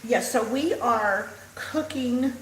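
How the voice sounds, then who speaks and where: A woman's voice: a little high, slow pace. An older woman with an easy Texan Southern drawl chats unhurriedly with her livestream viewers while she cooks. Her voice rings in a roomy home kitchen over a faint background hum. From Texas. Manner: chatty, reads out and answers live viewer comments. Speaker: host. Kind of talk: casual livestream cooking chat.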